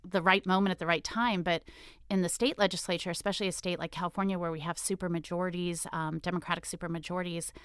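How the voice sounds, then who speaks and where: A middle-aged woman in a candid interview, talking loudly and emotionally as she tells lively stories from her work in politics. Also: on the low side, fast talker, clear, resonant tone, no echo, studio quality. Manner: loud, emotional, animated storytelling. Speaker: state assemblywoman, guest.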